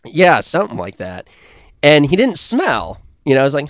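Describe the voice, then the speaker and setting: A man co-hosting a casual talk show, telling a rambling story and doing loud imitations of crowd chants. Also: fairly high pitch, wildly swooping pitch, moderate pace, no echo, studio quality. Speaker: podcast co-host. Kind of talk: casual chat.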